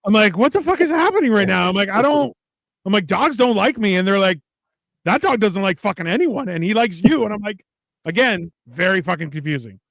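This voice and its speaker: A man's voice: sits high, lively intonation, brisk, fairly bright tone, no echo, studio quality. A man hosting a casual talk show, telling rambling stories with plenty of swearing. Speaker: podcast host. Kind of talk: casual chat.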